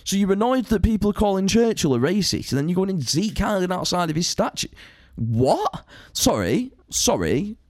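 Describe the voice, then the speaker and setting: Male podcast host, sweary rant, lively swinging pitch, dry close sound. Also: normal speed, no room sound. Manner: sweary, ranting, animated. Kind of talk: casual chat.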